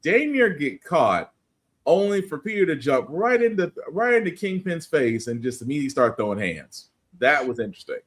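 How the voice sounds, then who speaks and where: Male co-host, lively swinging pitch, loose casual delivery with frequent restarts. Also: normal speed. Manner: animated, laughing, restarts often. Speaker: podcast co-host. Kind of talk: casual comic-book review chat.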